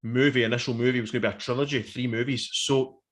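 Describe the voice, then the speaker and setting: A man, co-hosting a casual review chat, animated and sweary, acting out quotes. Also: medium pitch, quick pace. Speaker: podcast co-host.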